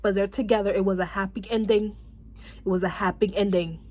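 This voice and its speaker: A woman chatting casually as she reviews a drama, rambling and animated, laughing and swearing often. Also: mid-range voice, fairly quick, slight background noise.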